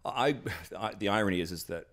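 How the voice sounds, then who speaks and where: Brisk and animated, this British man's lowish voice has a fairly bright tone. A professional wrestler being interviewed at home, he rambles through his stories with plenty of fillers and restarts, performing other people's quotes.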